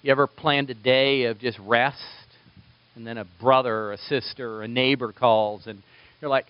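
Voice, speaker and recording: A male pastor preaching a sermon in an animated way, acting out the voices of the people he quotes. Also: medium pitch, moderate pace, smooth, no room sound, dull audio.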